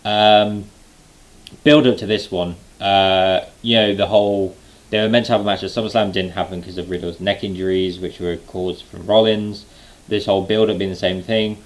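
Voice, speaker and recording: A young man recapping a live event in a casual, excited way, full of fillers and restarts. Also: sits low, normal speed, low-quality recording. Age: late 20s. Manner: excited, rambling with many fillers. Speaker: wrestling fan vlogger.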